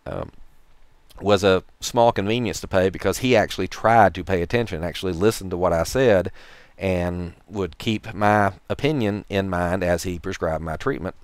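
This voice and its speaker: Deep-voiced Tennessee man, wry and rambling. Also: smooth, no room sound. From Tennessee, USA. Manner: wry, rambling, dryly sarcastic storytelling. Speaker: vlogger. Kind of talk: casual talk to camera.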